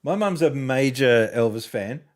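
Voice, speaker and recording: A man's voice: medium pitch, expressive, a little slow. A man chatting on a gameplay stream, telling stories in a wry, joking way. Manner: wry, jokey storyteller. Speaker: streamer co-host. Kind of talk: casual chat during a gameplay stream.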